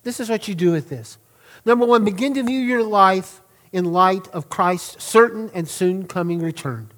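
Emphatic pastor, high voice. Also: male voice, a bit bright. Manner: earnest, emphatic, drawn-out key words. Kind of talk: sermon.

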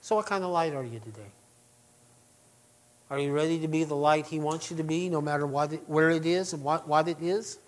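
A man preaching a sermon to his congregation, chatty and full of asides, who swings between loud emphatic passages and quiet, hushed lines. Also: a little high, brisk. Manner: conversational with restarts and asides to the congregation. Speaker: pastor.

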